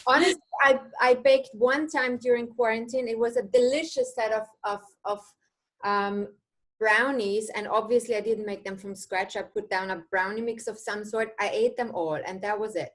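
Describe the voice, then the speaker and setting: A woman co-hosting a dance talk show over a video call, laughing often and talking in a lively, animated way. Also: a little high, moderate pace. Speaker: host. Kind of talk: casual talk-show chat.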